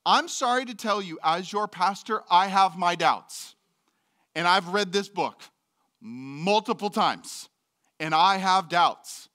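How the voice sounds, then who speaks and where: Male pastor, middle-aged, bright and a touch high; candid, humorous sermon delivery. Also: expressive, slow. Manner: candid, joking, acts out voices in quotes. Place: church.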